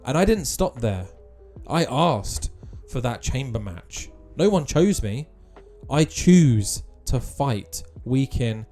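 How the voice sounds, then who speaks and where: A man's voice: mid-range voice, dark tone. A man voicing a proud male wrestling champion who speaks in a defiant, intense way.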